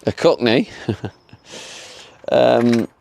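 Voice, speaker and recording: A man's voice: mid-range voice, very slow, vocal fry, a little mellow, slight background noise. A man, chatting casually with his stream audience while he works, laid-back and full of fillers. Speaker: livestreamer building a camper van. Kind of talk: casual chat.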